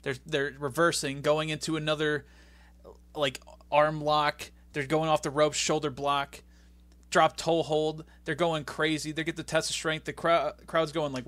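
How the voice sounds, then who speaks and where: A man's voice: on the high side, steady tone, unhurried, sharp tone, no room sound. A young man co-hosting a casual podcast, animatedly recapping a match and laughing as he goes. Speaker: podcast co-host recapping wrestling.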